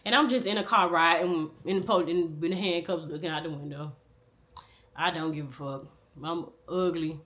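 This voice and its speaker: A young woman telling a candid personal storytime in slangy, animated talk, swinging from loud outbursts to low mutters.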